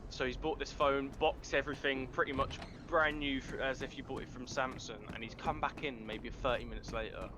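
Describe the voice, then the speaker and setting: A man's voice: mid-range voice, fairly even intonation, a little fast, few pauses, background noise. A young man chatting casually while playing a game online, telling rambling stories with plenty of swearing. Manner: rambling storyteller, loose and swearing. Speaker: fellow player. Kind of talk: casual chat while gaming.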